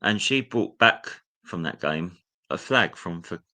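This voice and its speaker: A young man recounts his schooldays in a candid, storytelling way. His voice sits fairly low but sounds bright and forward. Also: lively intonation, unhurried. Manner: candid, reliving memories, acts out a teacher's sneering voice. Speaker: guest. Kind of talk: personal storytelling.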